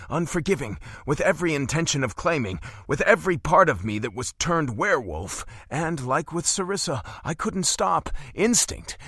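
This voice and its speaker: A man reading first-person romance narration for an audiobook, with an intimate, expressive delivery. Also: fairly high pitch, no room sound, studio quality.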